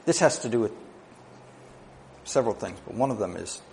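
A man preaching a sermon, moving between quiet, low asides and raised, emphatic declarations, with conversational "right?" asides. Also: animated, moderate pace, vocal fry, slight background noise.

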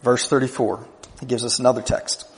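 A man's voice: mid-range voice, level tone, brisk. Emphatic male pastor preaching in a hall. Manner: emphatic, conversational preaching with rhetorical checks. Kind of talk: sermon. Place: church.

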